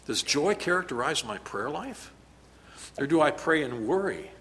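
A man preaching a sermon as pastor, emphatic, his loudness rising and falling as he drives points home. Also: a little high, moderate pace.

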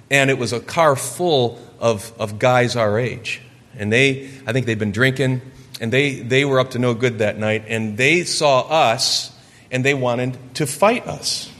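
A man in his forties from Michigan telling a personal story during a sermon, earnest and lively. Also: medium pitch. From Michigan, USA. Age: 40s. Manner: earnest storytelling, gets lively acting out quotes. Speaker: preacher. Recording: long hall reverb.

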